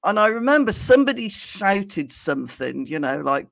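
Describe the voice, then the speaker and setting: A woman's voice: low-pitched, very animated, normal speed, gravelly, dry recording. A woman hosting a podcast, telling anecdotes with frequent laughs and hesitant fillers. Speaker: podcast host. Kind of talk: casual chat.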